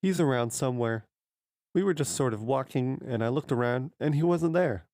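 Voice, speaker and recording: A man's voice: mid-range voice, normal speed, a little mellow, smooth, no room sound, clean studio sound, pitched above the performer's own voice, close to an everyday voice. A man voicing Red, a talkative young boy who rambles defensively. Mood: rambling.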